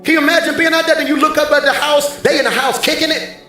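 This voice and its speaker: A male pastor preaching a sermon from a church stage, animated and bantering with the congregation. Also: very high-pitched, fast. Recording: very echoey hall, faint music.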